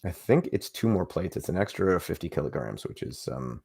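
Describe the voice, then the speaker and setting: Gravelly low male co-host, opinionated and plainspoken. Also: sing-song, a little fast, a little mellow. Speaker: podcast co-host. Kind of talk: casual podcast chat.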